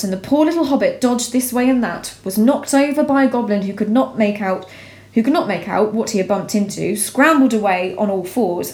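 Woman reading a story, roomy echo. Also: mid-range voice. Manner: measured, expressive reading aloud. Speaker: narrator.

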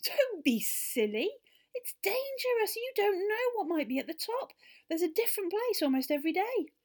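A woman's voice: very animated, a little fast. A woman voicing a fussy, easily frightened little male elf with a long beard in a storybook reading. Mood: horrified. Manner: fretful, high and squeaky when alarmed.

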